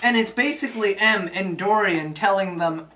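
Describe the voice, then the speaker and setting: An irreverent comic storyteller recaps a film in a loose, chatty way, swearing freely and tossing in jokey asides. The voice sits at a plain middle pitch. A faint hiss and occasional clicks sit under the recording. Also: moderate pace, bright, forceful tone, recorded from a distance, low-quality recording. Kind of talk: casual comedic film recap.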